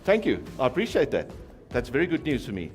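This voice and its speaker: A man with a South African accent working as an auctioneer, calling bids in a rapid chant and teasing bidders in the room. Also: mid-range voice, huge pitch swings, faint music behind. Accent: South African English. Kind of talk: live property auction calling.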